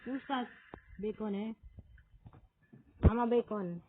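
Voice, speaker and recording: Excitable woman gamer, tinny noisy audio. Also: a little high, slow. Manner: excitable, frequent exclamations, talks to viewers. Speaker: gamer streamer. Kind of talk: casual gameplay commentary. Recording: tinny phone-like audio with noise.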